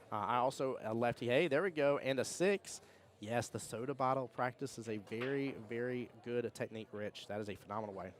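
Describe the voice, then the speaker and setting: A man hosting a pool tournament stream, chatting casually and reading viewer comments in a rambling, storytelling way. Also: medium pitch. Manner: fast, rambling storyteller with restarts and laughs. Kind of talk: casual chat with live chat readouts.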